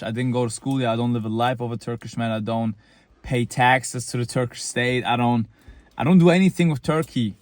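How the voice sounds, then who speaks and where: A young man speaks casually to his viewers, earnest and meandering, circling back on his own sentences. His voice sits at an ordinary middle pitch. The sound is dry and close, with no room around it. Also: dry recording. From Germany. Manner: earnest, rambling, many restarts and fillers. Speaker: vlogger. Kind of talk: casual talk to camera.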